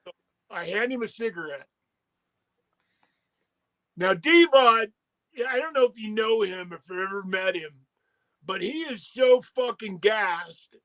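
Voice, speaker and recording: A man with a notably high speaking voice tells a story in a loose, profane way. He jumps into the voices of the people he quotes, then drops back into easy chat as a co-host. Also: lively intonation, unhurried, long pauses, bright, forceful tone, no room sound. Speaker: podcast co-host.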